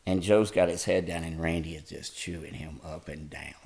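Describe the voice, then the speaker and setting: Middle-aged male guest, very low gravelly voice, folksy storyteller. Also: moderate pace. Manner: folksy, animated retelling with laughs. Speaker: podcast guest. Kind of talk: casual storytelling.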